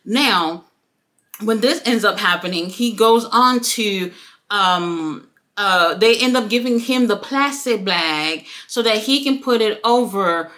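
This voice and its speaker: A woman giving a casual, profane wrestling review, acting out the quotes. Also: a little high. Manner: animated, profane, acts out quotes.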